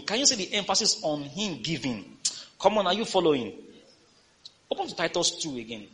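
Male pastor, lively sermon delivery, congregation call-and-response, fairly high voice. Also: a little fast, pauses often. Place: church.

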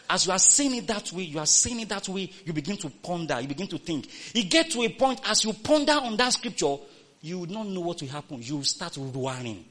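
Bright, high-voiced man preaching a sermon. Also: sing-song, brisk. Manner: repetitive, call-and-response preaching that swings from loud to hushed.

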